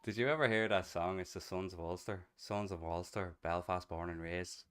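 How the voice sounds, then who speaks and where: Dublin irish man, young, low voice, smooth clear tone, casual rambling chat, swears a lot. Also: normal speed, a bit bright. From Ireland. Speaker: streamer. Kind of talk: casual chat while streaming a roleplay game.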